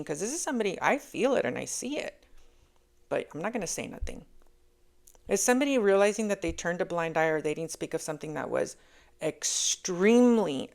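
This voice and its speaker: A woman gives a casual tarot reading in a lowish voice with a gravelly edge. She talks emphatically and repeats her main points for weight. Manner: emphatic, repeats key phrases. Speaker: tarot reader.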